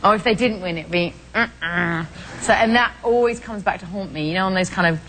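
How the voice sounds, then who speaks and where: A woman's voice: mid-range voice, fast, a little hiss or hum, low-quality recording. Chatty British woman on a talk show. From England. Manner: chatty, animated storytelling. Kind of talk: casual chat.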